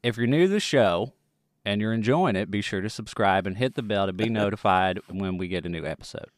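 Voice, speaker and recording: A man's voice: lowish voice, fairly quick, dry recording, studio quality. A man from East Texas hosting a podcast in a folksy East Texas accent, with casual chat. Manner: folksy, plays up a Texas drawl. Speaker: podcast host.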